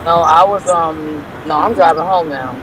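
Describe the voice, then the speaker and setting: A woman who owns a store, chatting casually while driving home and telling a lively story with curses. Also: deep voice, normal speed, a crowd in the background, low-quality recording. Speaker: store owner calling in. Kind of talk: casual chat. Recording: car noise in the background.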